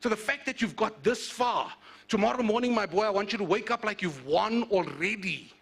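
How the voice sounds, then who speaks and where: Loving mother with tears in her eyes, voiced by a man, tender and bright. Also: sits high, expressive, moderate pace, vocal fry, slightly rough, exaggerated voice. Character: teary loving mother comforting her boy.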